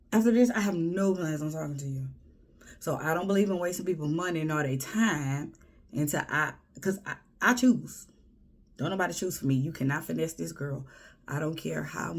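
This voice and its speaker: Woman from houston ranting blunt advice, gravelly husky voice, keeps sliding into whispers. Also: sits low, moderate pace. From Houston, Texas. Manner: blunt, sassy, often drops to a whisper. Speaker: vlogger. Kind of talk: casual advice monologue.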